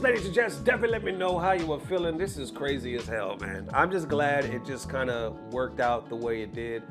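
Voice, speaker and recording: A high-pitched man hosting his own esports news channel. He rants loosely and profanely, mixing outrage with jokes, while faint music plays underneath. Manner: profane, animated ranting with jokes. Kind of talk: casual commentary vlog.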